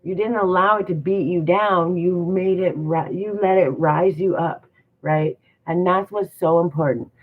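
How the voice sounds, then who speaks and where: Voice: medium pitch, unhurried. A livestream host giving a motivational talk, encouraging and repetitive, full of rhetorical questions. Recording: tinny phone-like audio.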